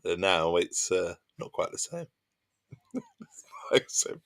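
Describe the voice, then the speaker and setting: A man's voice: low-pitched, sing-song, slow, creaky, fairly bright tone. A man with an Essex accent chatting casually with his viewers while he plays, often laughing and poking fun at himself. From England. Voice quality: chatty and self-mocking, laughs often, reads chat aloud. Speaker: streamer. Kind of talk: casual gaming stream chat.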